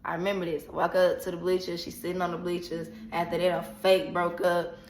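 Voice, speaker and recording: A woman vlogger casually retelling a personal story in an animated, slangy, dramatic way. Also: fairly low pitch, fairly quick, a little hiss or hum. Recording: echoey room.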